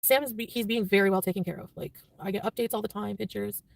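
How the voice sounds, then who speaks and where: A woman's voice: mid-range voice, steady tone, fast talker, creaky, a little hiss or hum. A woman vlogger chatting casually, rambling and defensive, laughing often. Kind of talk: casual vlog chat.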